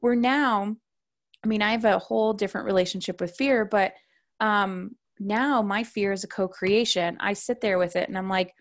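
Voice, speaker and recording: A woman in her thirties talks as a parenting coach on a podcast interview. She tells stories in a lively way and acts out what people said to her. Her voice sits at an ordinary middle pitch. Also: moderate pace. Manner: lively storytelling, acting out quoted voices.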